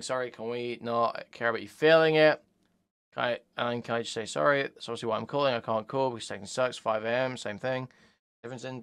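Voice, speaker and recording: A man reading out text messages and commenting on them sarcastically, swinging from mocking shouts to low mutters. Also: gravelly, clean tone. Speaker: commentary youtuber.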